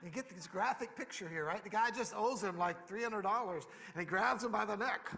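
Male pastor with a high voice, emphatic and conversational, in a church with long reverb. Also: a little fast, gravelly, hardly any pauses, sharp tone. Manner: emphatic, conversational preaching with rising bursts. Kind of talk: sermon. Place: church sanctuary.

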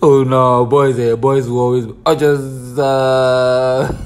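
A man with a Nigerian accent riffs through a reaction video, chuckling often and teasing what he watches. His talk is excitable and loose. His voice sits at an ordinary middle pitch. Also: very slow. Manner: chuckling, excitable, teasing, Pidgin-sprinkled asides. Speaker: reaction vlogger. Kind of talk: laughing reaction commentary.

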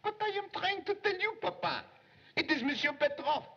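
An actor playing an eager, excitable young male police secretary who gets flustered and theatrical, in 1930s film acting. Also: very high-pitched, moderate pace, heavily acted. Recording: dull lo-fi 1930s film soundtrack.

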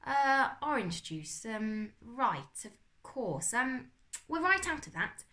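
A woman's voice: a little high, very animated, slow pace, bright, forceful tone, pitched above the performer's own voice, heavily acted. A woman reading aloud and voicing a cheerful, fussy older uncle in a children's storybook, with a hearty, flustered manner. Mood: jovial.

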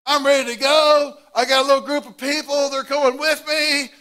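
A pastor voicing an impatient male Roman soldier who is pushy, loud and eager to go home. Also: extremely high pitch, flat delivery, moderate pace, background noise, pitched above the performer's own voice.

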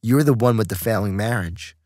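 A man's voice: lowish voice, brisk, darkish tone, dry recording, studio quality, natural voice. A man voicing the accusing inner voice of a man's own conscience, blunt and reproachful.

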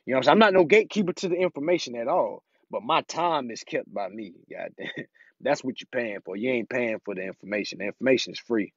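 A man's voice: mid-range voice, expressive, fast talker, husky, no echo. Profane, emphatic man talking to followers. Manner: profane, emphatic, says "you know what I'm saying" over and over. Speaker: consumer law instructor. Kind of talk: casual monologue to followers. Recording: dry, slightly dull lo-fi recording.

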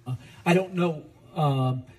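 A man's voice: fairly high pitch, takes it slowly, a little mellow, breathy edge, low-quality recording. A male guest answering in a televised interview, hesitant, with many fillers and restarts.

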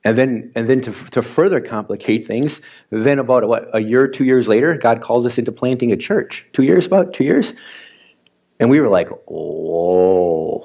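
Midwestern male pastor, conversational and animated sermon, mid-pitched voice. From Wisconsin, US. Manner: chatty and animated, acts out his own reactions. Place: church sanctuary.

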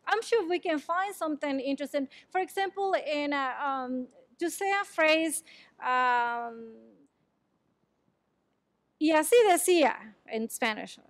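A high-voiced woman from Mexico, a native Chatino speaker, answers questions after a conference talk. She explains in a halting way, often pausing to search for words. Her voice sounds close and dry, with little room. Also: a bit bright, no room sound. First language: San Juan Quiahije Chatino. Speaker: presenter answering audience questions. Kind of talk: academic conference Q&A. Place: lecture room.

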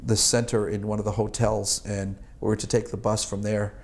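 Low-voiced older man reminiscing. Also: little pitch movement, moderate pace, darkish tone. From Boston, United States. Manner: rambling and chuckling, with many fillers and restarts. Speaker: Army veteran interviewee. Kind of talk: oral history recollection.

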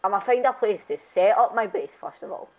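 A woman chatting excitably as she streams a game, laughing often and breaking into loud exclamations. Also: medium pitch, brisk, dull audio. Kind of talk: casual gameplay chat.

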